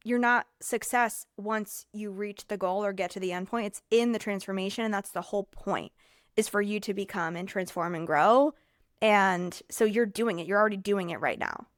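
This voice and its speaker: A woman's voice: mid-range voice, no echo, clean studio sound. A woman hosting her own podcast, talking casually and reflectively to listeners, upbeat and full of "like" fillers. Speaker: podcast host. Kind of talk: casual solo podcast monologue.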